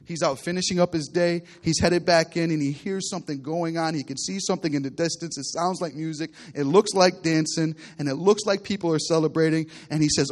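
A man delivers a sermon, retelling the story with lively, animated delivery. His voice sits a touch high for a man, and he swings between hushed asides and loud bursts. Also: brisk, few pauses. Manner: animated storytelling preacher, acting out characters with big swings in loudness. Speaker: pastor.

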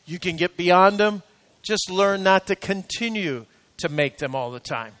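A male pastor preaches in a church sanctuary, his fairly high voice climbing to emphatic, ringing peaks before sinking into soft, close talk. The room adds a long, trailing reverb to every line. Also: unhurried. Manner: preaching with swelling rising emphasis, then dropping to quiet intimate talk. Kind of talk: sermon.

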